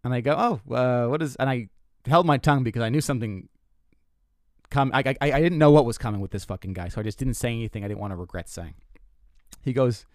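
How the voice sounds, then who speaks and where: A young man hosting a podcast, telling a comic story in a casual, animated way, stumbling and restarting often. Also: fast, dry recording, studio quality. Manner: animated, self-interrupting, swears, jumps pitch for quoted lines. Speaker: comedian podcast host.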